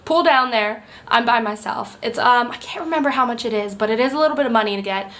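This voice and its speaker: Young female vlogger, casual storyteller, slightly high-pitched. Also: fast talker, fairly bright tone. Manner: chatty, rambling storytelling with quoted voices. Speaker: travel vlogger. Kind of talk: casual vlog narration.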